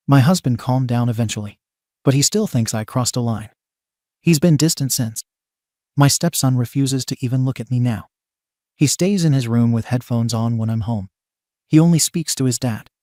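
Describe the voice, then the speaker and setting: Man reading out a reddit-style story, mellow tone, dry close mic. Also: mid-range voice, moderate pace, no echo. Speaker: story narrator. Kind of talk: scripted narration.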